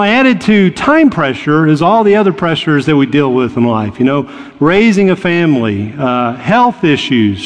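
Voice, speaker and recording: A man preaching a sermon in a conversational storytelling way, slowing down to stress his points. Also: a little high, in a large hall. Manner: conversational, storytelling preacher who slows for emphasis. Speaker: pastor.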